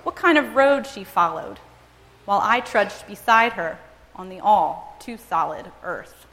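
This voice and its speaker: A woman reading a first-person story aloud in a measured, dramatic storytelling manner. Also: medium pitch, expressive, a bit bright. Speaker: reader and speaker. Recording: long reverb, as in a large hall.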